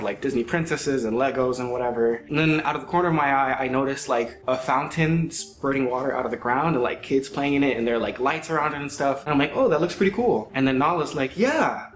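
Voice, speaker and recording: A man's voice: medium pitch, a little hiss or hum. Young man telling a story in an echoey room. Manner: animated, acts out quoted voices, frequent "like" fillers. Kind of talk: casual storytelling to friends.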